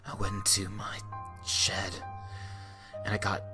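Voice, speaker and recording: A man in his twenties voicing a haunted, stammering teenage boy turned killer in a creepypasta monologue, with a hushed, whispery, gravelly voice. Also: low-pitched, monotone, measured pace. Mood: numb, grim. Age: 20s. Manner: stammering, numb then unhinged. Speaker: voice actor. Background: music.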